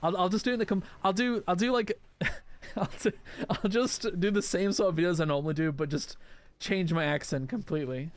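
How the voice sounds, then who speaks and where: Male gaming creator, casual chatter, slightly high voice, clean and resonant. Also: brisk, no room sound. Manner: rambling, answers chat, restarts often. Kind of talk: casual live gameplay chat.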